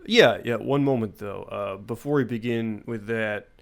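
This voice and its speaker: A man's voice: on the low side, moderate pace, gravelly. A man co-hosting a podcast in casual chat, chiming in with short, dry, teasing remarks. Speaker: podcast co-host.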